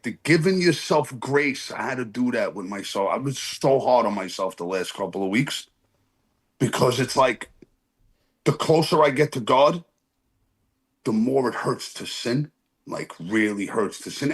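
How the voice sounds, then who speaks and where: A man's voice: fairly low pitch, breathy edge. A man sharing at a recovery meeting over his phone on a video call, earnest and rambling, apologizing for his swearing. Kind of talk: casual heartfelt share.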